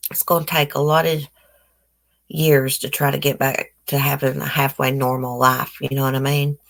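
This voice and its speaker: Low-voiced woman, blunt livestream chat. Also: little pitch movement, moderate pace, gravelly, fairly bright tone. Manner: blunt, opinionated, chatty with viewers. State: toothache, swollen face. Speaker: livestream host. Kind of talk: casual livestream commentary, reading news aloud.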